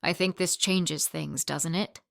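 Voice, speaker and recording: A woman voicing a composed, kind and confident businesswoman who speaks with gentle assertiveness in a storybook reading. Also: low voice, fairly even intonation, a little slow, vocal fry, dry recording, studio quality, exaggerated voice. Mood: assertive.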